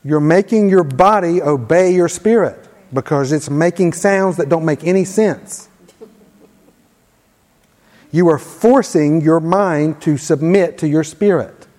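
Brief: male preacher, slightly high voice, sermon delivery, long hall reverb. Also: a little slow. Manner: leads call-and-response prayer, forceful commands. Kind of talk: sermon teaching.

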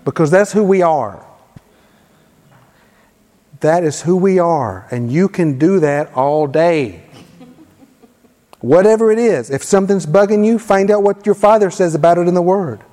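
A man preaching a sermon, leading the room in call-and-response prayer with forceful commands. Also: high voice, lively intonation, a little slow, pauses often. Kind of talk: sermon teaching. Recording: long hall reverb.

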